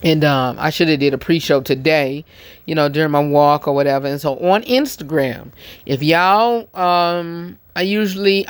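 Male talk host, unhurried, meandering live-stream chat with lots of fillers; smooth tone. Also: high voice, a bit bright, no room sound. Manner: slow, rambling, many ums and restarts; eating while talking. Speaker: show host. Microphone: phone.

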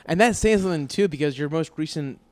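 A man hosting a podcast, asking questions in a loose, halting, profane way. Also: a little high, darkish tone. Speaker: podcast host. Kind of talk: casual podcast interview.

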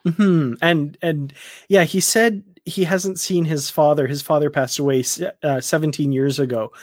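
A man guesting on a casual chat show, friendly and quick to laugh. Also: fairly high pitch, steady tone, no room sound, studio quality.

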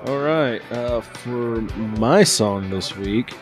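A man's voice: mid-range voice, expressive, takes it slowly. A man co-hosting a casual music podcast, talking in a laid-back, rambling way. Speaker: podcast co-host. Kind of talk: casual chat.

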